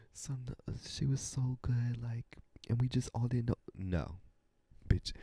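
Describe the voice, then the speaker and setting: A young man hosting a podcast, telling a story in a casual, animated and profane way, dropping into whispers at times. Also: low voice, no room sound. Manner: animated, profane, dramatic retelling with sudden whispers. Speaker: podcast host.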